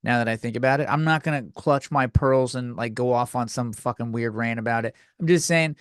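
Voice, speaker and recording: A man's voice: mid-range voice, fairly quick, clear, resonant tone, no room sound, clean studio sound. An American man hosting his own podcast, ranting in a crude, rambling and self-mocking way while he answers listener questions. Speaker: podcast host. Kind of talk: casual comedic rant.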